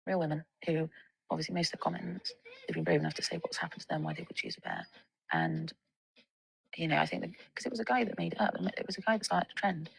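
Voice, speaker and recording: A woman's voice: lowish voice, big pitch swings, quick pace, creaky, breathy edge, no echo, low-quality recording. A young woman in a casual monologue, ranting with lots of swearing and filler words. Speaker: vlogger.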